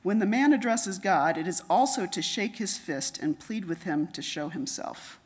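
A middle-aged woman giving a conference lecture, reading her paper in a measured way and dropping softer for quotations. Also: fairly low pitch, lively intonation, slight background noise. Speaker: conference speaker.

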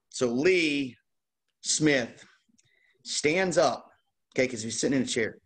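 A man hosting a card-opening show, telling a lively casual anecdote with laughs. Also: medium pitch, takes it slowly, pauses often. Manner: animated, laughing anecdote teller. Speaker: host opening baseball card packs. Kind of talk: casual storytelling.

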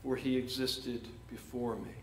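Slow, emphatic male preacher in an echoey church. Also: medium pitch, a little hiss or hum. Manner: emphatic preaching, reading scripture aloud. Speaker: pastor. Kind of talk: sermon. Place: church sanctuary.

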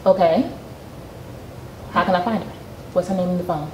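A woman's voice: lowish voice, normal speed, a little mellow, far from the mic, natural voice. A woman playing a confrontational, betrayed wife. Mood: confronting. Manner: confrontational, sarcastic. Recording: echoey room, faint noise.

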